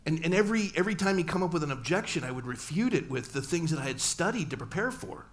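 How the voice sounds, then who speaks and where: A man's voice: on the high side, lively intonation, fast talker. A middle-aged man, a pastor, telling a personal story in a sermon and acting out family dialogue with humor. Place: church sanctuary.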